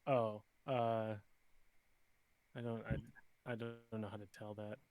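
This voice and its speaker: A man's voice: lowish voice, flat delivery, takes it slowly, darkish tone, no room sound, low-quality recording. A man playing in a tabletop game, talking casually and sometimes hesitantly. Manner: hesitant, unsure. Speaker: player.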